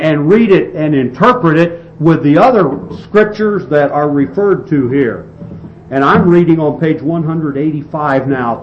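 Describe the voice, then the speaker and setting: A man preaching a sermon, reading scripture and expounding it with slow, emphatic delivery and some restarts. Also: a little high. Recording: dull lo-fi recording with faint hiss.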